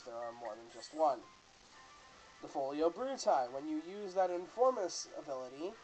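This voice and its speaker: A man's voice: on the high side, a little mellow, low-quality recording. Joking man doing let's play commentary. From Canada. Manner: casual, joking, self-correcting. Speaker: host.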